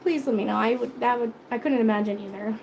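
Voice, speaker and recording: A woman's voice: a little high, quick pace, creaky, darkish tone, slight background noise. A middle-aged woman hosting a cooking live stream, chatting casually, laughing often and answering viewer comments. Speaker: cooking channel host.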